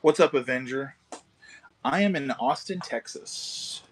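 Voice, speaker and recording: A man hosting a casual live stream from a car shop garage, selling model kits and chatting with viewers, relaxed and chatty, swearing now and then. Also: medium pitch, measured pace, slightly rough. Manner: laid-back, chatty, swears casually, calls viewers dude and bro.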